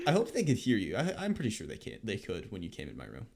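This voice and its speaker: Young male co-host, lively pitch, laughing storyteller, casual podcast chat. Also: fast, gravelly, slightly rough. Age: young adult. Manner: laughing, animated storytelling with mimicked voices. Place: apartment room.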